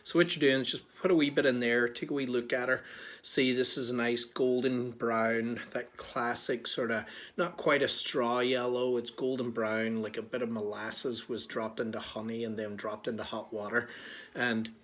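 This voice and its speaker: A man's voice: mid-range voice, normal speed. Chatty Irish man hosting a tasting. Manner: chatty, joking, relaxed. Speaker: whiskey tasting host. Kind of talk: casual instructional talk. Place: small bar.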